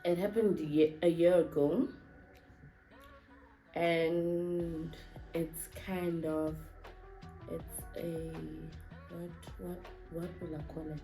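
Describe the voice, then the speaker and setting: Woman vlog host, lowish voice, unhurried, teasing, hesitant at times. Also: steady tone, dark tone, soft background music, low-quality recording. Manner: playful, teasing; hesitant, searching for words. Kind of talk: casual couple vlog chat.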